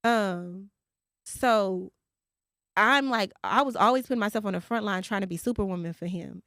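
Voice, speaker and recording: A woman's voice: medium pitch, normal speed, fairly bright tone, dry recording. Young woman podcast host. Candid, profane, emotional storyteller, dry close mic. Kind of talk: casual podcast chat.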